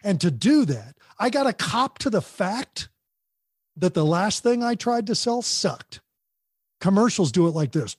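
Earnest husky-voiced man giving parenting advice. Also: high-pitched, very animated, unhurried, no room sound, studio quality. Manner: earnest, emphatic, preacherly. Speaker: parenting guest. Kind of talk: impassioned podcast advice.

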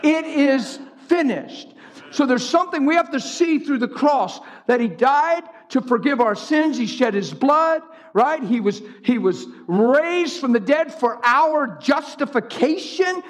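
A man preaching a sermon in an animated way, swinging from high shouts down to low storytelling. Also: a little slow. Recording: long hall reverb.

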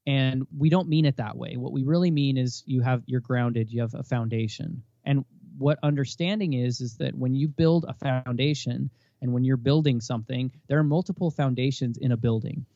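A man's voice: mid-range voice, normal speed, creaky, no echo, muffled recording. A man in his thirties, a guest in a casual interview, talking earnestly and acting out the dialogue he recounts. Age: 30s. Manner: earnest, animated, acts out quoted dialogue. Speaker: podcast guest.

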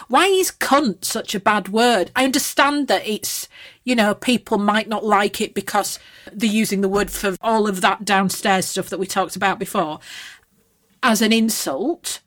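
A woman's voice: medium pitch, a bit bright. A woman co-hosting a casual chat, telling frank stories and giggling often. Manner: chatty, giggly, frank storytelling. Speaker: podcast co-host.

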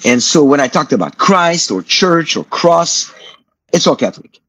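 A man's voice: on the high side, sing-song, moderate pace, a bit bright, dry recording. A middle-aged man from France, earnestly telling his personal testimony as a guest in a radio interview. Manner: earnest, reflective storytelling.

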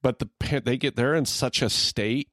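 A man's voice: mid-range voice, steady tone, moderate pace, a bit bright, dry recording, clean studio sound. A middle-aged man co-hosting a podcast in easygoing, rambling casual chat, laughing often. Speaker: podcast co-host.

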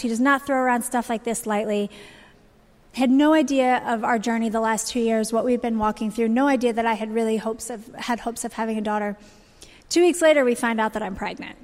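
A woman in her thirties tells her story in an earnest, heartfelt way, her voice sitting a little high. The sound carries a long reverb from a large church auditorium. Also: darkish tone. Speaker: speaker sharing a testimony. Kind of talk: church testimony talk.

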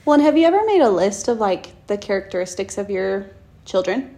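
A woman's voice: medium pitch, fairly quick. A young woman co-hosting a podcast in casual chat, talking earnestly and with enthusiasm. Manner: earnest, enthusiastic, animated in quoted speech. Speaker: podcast co-host.

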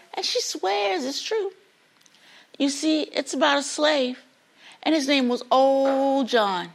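A young woman student telling a story live in a classroom, animated and dramatic, speaking straight to her listeners. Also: high-pitched, gravelly. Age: young adult.

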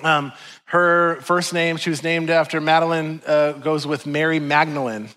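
Male pastor, fairly high voice, laid-back and self-deprecating delivery, conversational sermon. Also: steady tone, unhurried, sharp tone. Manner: chatty, self-deprecating, many "like"s and asides.

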